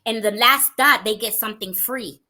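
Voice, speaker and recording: A woman co-host tells animated anecdotes in a relaxed podcast chat and laughs often. Her voice is a little high, with a bright, forceful edge. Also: moderate pace.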